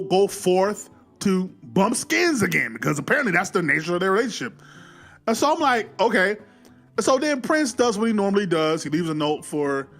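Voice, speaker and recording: A man casually recapping a movie, animated, often acting out the characters' lines. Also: on the high side. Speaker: movie reviewer.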